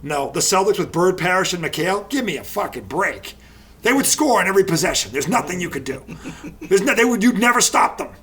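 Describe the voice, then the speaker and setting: A man's voice: high-pitched, expressive, fairly quick, fairly bright tone. Emphatic man arguing basketball. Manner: emphatic, repeats points for stress. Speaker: sports talk host. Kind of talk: casual sports debate.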